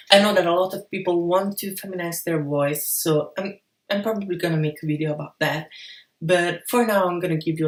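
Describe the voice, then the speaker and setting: Lower-voiced woman vlogging in an echoey room. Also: a bit bright, distant mic. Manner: frank, encouraging, casual swearing. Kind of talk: casual advice vlog. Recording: roomy echo, off-mic.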